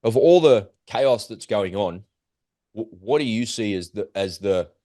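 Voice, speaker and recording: A man's voice: fairly low pitch, lively intonation, a little slow, warm tone, dry recording, clean studio sound. A man, co-hosting a podcast in heated, emphatic casual talk. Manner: heated, emphatic, acts out quoted voices. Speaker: podcast co-host. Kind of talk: casual conversation.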